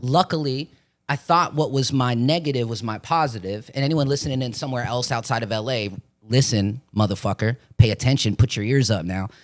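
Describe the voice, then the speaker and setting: A young man from Florida talks fast and loose in a casual chat, swearing freely as he tells his stories. He acts out the other people's voices as he goes. His pitch sits mid-range for a man. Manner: rambling storytelling, profane, acts out voices. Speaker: podcast guest, actor.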